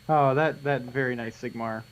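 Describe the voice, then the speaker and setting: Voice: medium pitch, poor audio. A live stream co-host bantering casually during a miniature-painting session, joking and laughing often.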